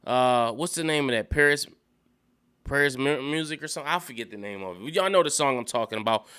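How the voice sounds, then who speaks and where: A man's voice: mid-range voice, a little fast, sharp tone, smooth. A man giving casual solo commentary, thinking aloud and rambling with many fillers and restarts.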